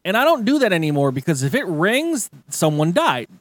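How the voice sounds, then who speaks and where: A man co-hosting a podcast, telling stories in a loose, animated way, full of swearing and mock rants. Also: high-pitched, brisk, no room sound. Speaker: podcast co-host. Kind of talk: casual chat.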